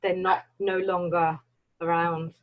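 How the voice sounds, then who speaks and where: A woman from the Netherlands speaks with a Dutch accent carrying a Brummie tinge, her voice set fairly low. She chats casually as a guest, laughing often and pausing on fillers. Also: level tone, phone-quality sound. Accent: Dutch with Birmingham (Brummie) tinge. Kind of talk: casual chat.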